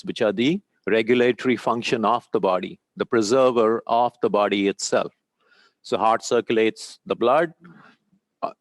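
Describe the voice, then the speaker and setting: A man leading a group in a meditation and chanting lesson, speaking calmly, giving steps and checking in often with "okay?". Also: fairly low pitch, no room sound. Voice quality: sweating, a little warm. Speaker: meditation teacher. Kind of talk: guided breathing and chanting lesson.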